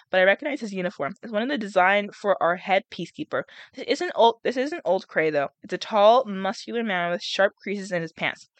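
A woman's voice: mid-range voice, no echo. A young woman reading a novel aloud and breaking off to chat and react, with laughs and groans between passages. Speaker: reader and vlogger.

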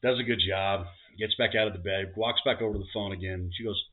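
Animated man telling jokes, tinny audio. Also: sits low, fast talker, few pauses. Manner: animated joke teller doing character voices. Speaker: podcast co-host. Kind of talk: casual joke telling.

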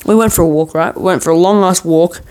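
A man's voice: high voice, steady tone, fast, a little mellow, rough recording. A man hosting a podcast, telling a long story in a meandering, joking way full of swearing and restarts. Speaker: podcast host. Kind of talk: rambling casual storytelling.

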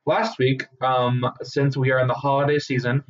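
A man co-hosting a podcast in casual chat, animated and laughing as he quotes movie lines. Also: medium pitch, normal speed, highs cut off. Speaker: podcast co-host.

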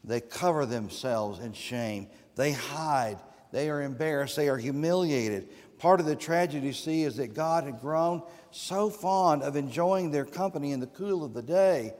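A man's voice: expressive, moderate pace, hardly any pauses, darkish tone. Man preaching in a reverberant church. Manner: dramatic rises and drops in pitch and volume. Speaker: guest preacher. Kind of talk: sermon. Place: church sanctuary. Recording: long reverb of a church sanctuary.

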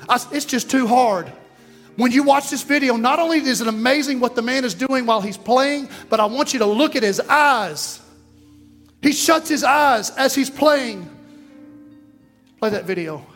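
A man's voice: very high-pitched, fairly bright tone. A pastor preaching a sermon, fervent and folksy, repeating his phrases. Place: church sanctuary. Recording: reverberant hall with music behind.

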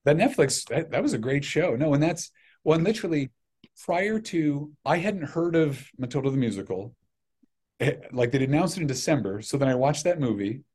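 A middle-aged man talking as a podcast guest, an animated, self-deprecating storyteller who restarts his sentences a lot. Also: on the high side, moderate pace, husky. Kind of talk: casual chat.

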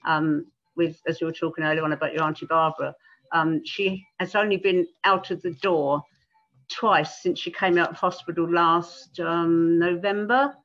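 An older woman talks in a gentle, halting way, stopping often to restart her sentences. Her voice comes through a dull, muffled call line with little clarity. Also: on the low side, steady tone. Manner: gentle, hesitant, many ums and restarts. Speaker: guest, retired pastoral carer. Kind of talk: casual conversation.

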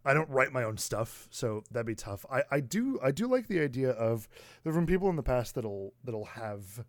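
Animated guy on a podcast. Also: medium pitch, dry recording, studio quality. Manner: animated, quick to exclaim, many filler likes. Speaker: podcast co-host, musician. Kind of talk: casual chat.

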